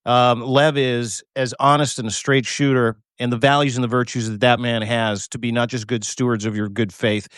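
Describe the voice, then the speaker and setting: A man's voice: mid-range voice, level tone, normal speed, few pauses, fairly bright tone, dry recording. Man, co-host, passionate, emotional, swearing, dry close sound. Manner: fervent, emphatic, swears, repeats words. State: choked up with emotion. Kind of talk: passionate live-stream chat. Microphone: remote video call.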